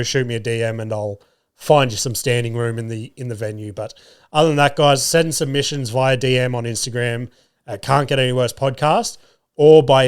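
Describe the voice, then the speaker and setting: A man's voice: medium pitch, clear, resonant tone. A young Australian man hosting his own podcast, chatting casually and swearing freely. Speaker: podcast host. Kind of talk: casual solo podcast chat.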